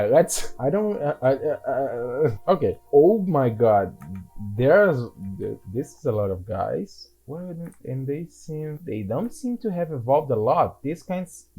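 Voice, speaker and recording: Guy chatting thru a game, mellow dark voice, rambles and restarts a lot, self-deprecating, faint music behind. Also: medium pitch, rough recording. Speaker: gaming video creator. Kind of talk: casual gameplay commentary.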